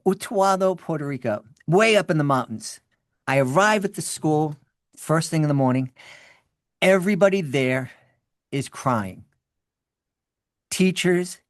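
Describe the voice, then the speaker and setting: A man telling stories as a podcast guest, animated, often restarting and repeating words. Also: on the high side, no echo, clean studio sound. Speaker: podcast guest, children's podcast creator. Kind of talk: storytelling in an interview.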